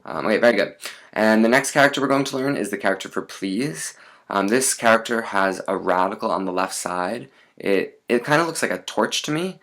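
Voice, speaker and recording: A man teaching a lesson in a relaxed, chatty way, with many fillers and asides. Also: fairly low pitch, fairly quick.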